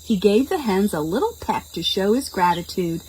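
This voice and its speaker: A woman reading a picture book aloud to preschool children in a slow, expressive storytime voice and stopping to explain words. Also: medium pitch, slight background noise, rough recording. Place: public library.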